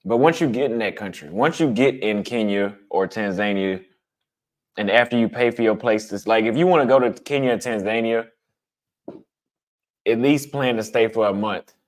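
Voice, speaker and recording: A blunt, conversational man talking casually to his viewers. His voice sits a little low, and he leans on repetition to drive his points home. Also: normal speed. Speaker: travel vlogger answering chat. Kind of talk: casual livestream chat.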